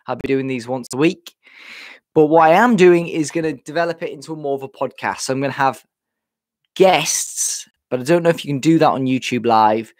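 A man's voice: medium pitch, no echo, clean studio sound. A man hosting a casual live stream from home, chatty and self-deprecating, a bit out of breath and often repeating himself. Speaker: livestream host. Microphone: webcam setup.

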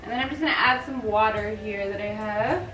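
A young woman hosts a casual home vlog and talks through a facial, leaning on "like" between almost every thought. She sits back from the mic in a room with a lot of echo, with quiet music playing underneath. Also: medium pitch, a little fast. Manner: chatty, fillers of "like". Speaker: vlog host giving a facial. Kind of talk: casual chat. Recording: echoey room, far from mic, faint music.

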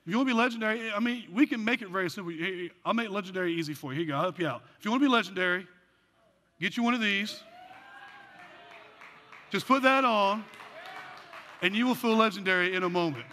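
Bright, lively preaching man in a hall. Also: high-pitched, fast talker, long pauses, a little hiss or hum. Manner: animated, joking asides, then quiet earnest stretches. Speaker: pastor. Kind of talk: sermon. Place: church sanctuary. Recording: long church hall reverb.

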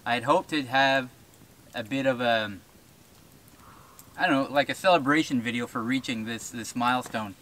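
A man's voice: mid-range voice, normal speed, pauses often, fairly bright tone. A man from rural New Brunswick, chatting casually to camera in the woods, rambling with fillers and chuckles. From rural New Brunswick, Canada. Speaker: bushcraft channel host. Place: outdoors in the woods. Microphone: camera-mounted shotgun mic.

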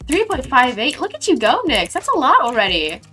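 A woman's voice: high-pitched, big pitch swings, brisk, sharp tone, soft background music. A young woman live streamer chatting casually while building in a game, bubbly and playful, gushing thanks to her viewers.

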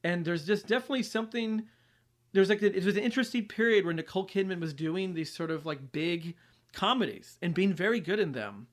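A man with a fairly high voice co-hosting a podcast. He talks in a loose, casual way and says "like" constantly while he thinks aloud about movies. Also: expressive, fairly quick. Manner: casual, filler-heavy with many likes. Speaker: podcast co-host. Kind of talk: casual film discussion.

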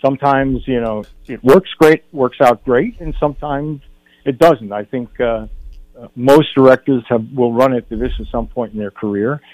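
A man's voice: mid-range voice, normal speed, no room sound, poor audio. Older man telling Hollywood stories. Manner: animated anecdote teller, acts out quotes. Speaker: film director guest. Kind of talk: radio interview storytelling. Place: radio studio.

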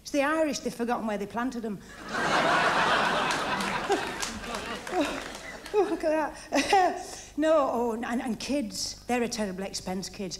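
A woman doing a stand-up routine, gossiping in a chatty way and firing off deadpan one-liners while laughing at her own jokes. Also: a little high, slow pace, long pauses, background noise. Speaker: stand-up comedian. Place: TV studio stage before live audience. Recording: archive TV recording with audience laughter.

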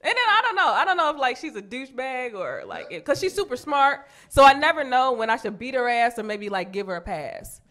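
A brash young woman with a Chicago accent working a comedy club stage into a handheld mic. Her voice sits fairly high and bounces all over, jumping into squealing highs when she quotes people. She talks loud and profane. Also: very animated, brisk, few pauses. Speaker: stand-up comedian. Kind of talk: stand-up comedy set.

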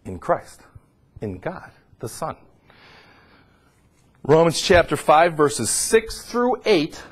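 A middle-aged man preaching a sermon, swinging between loud, high emphatic peaks and low, quiet asides. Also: very animated, takes it slowly, breathy edge.

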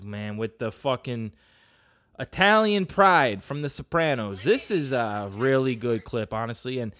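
A man talks slowly through a one-man podcast rant. He is crude and profane, drifting between tangents and bursting loud without warning. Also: mid-range voice. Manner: crude, profane and rambling, with sudden loud outbursts. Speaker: podcast host. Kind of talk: casual solo podcast rant.

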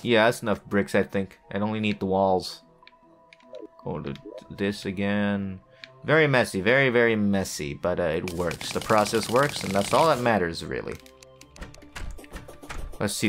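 A man's voice: fairly low pitch, normal speed. Male gamer, rambling self-talk with jokey asides, faint game music underneath. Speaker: gaming video creator. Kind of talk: casual gameplay commentary.

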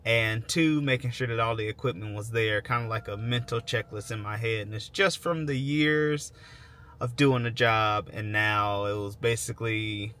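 A man's voice: fairly low pitch, fairly even intonation, moderate pace, pushed and bright. A man hosting his own vlog, explaining things in a rambling, self-correcting way. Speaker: vlog host. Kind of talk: casual talking-to-camera vlog.

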